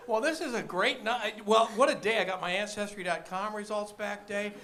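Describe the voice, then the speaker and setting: A stand-up comedian man from the Detroit area delivering deadpan one-liners with wry asides. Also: sits high, normal speed, hardly any pauses, very noisy. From Michigan, Detroit area.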